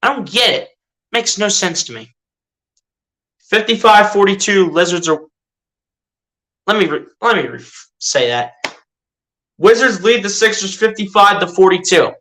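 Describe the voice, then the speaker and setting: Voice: mid-range voice, lively intonation, measured pace, pauses often, bright, forceful tone, poor audio. A fan doing live play-by-play of a basketball game, exasperated, firing rhetorical questions at the team and often correcting or repeating themselves. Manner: chatty, self-correcting, repeats itself.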